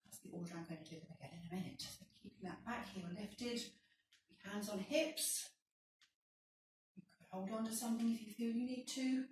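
A woman's voice: mid-range voice, normal speed, a little mellow, very echoey, distant mic, rough recording. Woman talking thru squats and lunges, encouraging, slightly out of breath, faint hum behind. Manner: encouraging, counting reps while exercising. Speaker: fitness instructor. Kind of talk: workout instruction.

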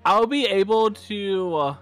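Brief: male guest co-streamer, slightly high voice, chatty and quick to laugh, faint music behind. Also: fairly bright tone, dry recording. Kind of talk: casual stream chat.

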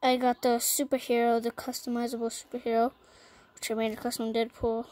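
A female gaming channel host in a casual vlog, listing items one by one with plenty of ums and pauses. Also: on the high side, completely flat delivery, darkish tone, poor audio.

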